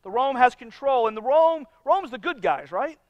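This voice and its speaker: A man's voice: very high voice, lively intonation, normal speed, no room sound, muffled recording. A man preaching a conversational sermon, asking the congregation questions as he retells a Bible passage. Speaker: pastor.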